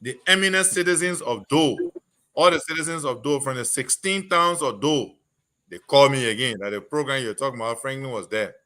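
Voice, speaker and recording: Man, Liberian English accent, bright tone, storytelling politician on radio. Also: medium pitch, a little fast. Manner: storytelling, quoting constituents. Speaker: politician guest. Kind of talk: radio talk show interview.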